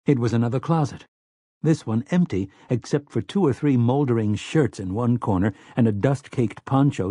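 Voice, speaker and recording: A man narrating an audiobook in a steady, measured storytelling manner. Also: mid-range voice, breathy edge, no echo, clean studio sound. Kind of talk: scripted narration.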